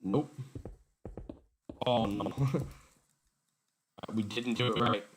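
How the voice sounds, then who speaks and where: A man's voice: mid-range voice, extremely slow. A man streaming from home and chatting casually, joking at his own expense, his voice garbled and robotic-sounding from a faulty microphone. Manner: joking, sarcastic self-mockery. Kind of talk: casual livestream chat. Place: home room. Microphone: faulty desk microphone. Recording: noisy, glitchy home mic.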